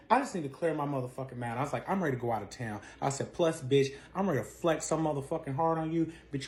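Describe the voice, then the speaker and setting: High-voiced man telling a wild story. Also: breathy edge. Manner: animated, profane, dramatic swings in pitch and volume. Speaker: storyteller recounting a breakup saga. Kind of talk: casual storytime monologue.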